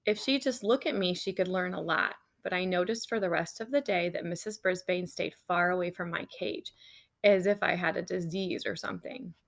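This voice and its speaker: A woman's voice: fairly low pitch, moderate pace, creaky. Woman reading a children's book aloud. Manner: lively, expressive storytelling. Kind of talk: expressive read-aloud of a children's chapter book.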